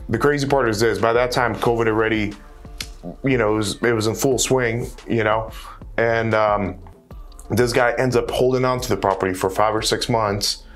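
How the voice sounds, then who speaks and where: A man's voice: on the low side, fairly even intonation, normal speed, faint music behind. A man telling a real estate story in casual conversation, earnest, repeating himself and restarting his phrases. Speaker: guest real estate wholesaler.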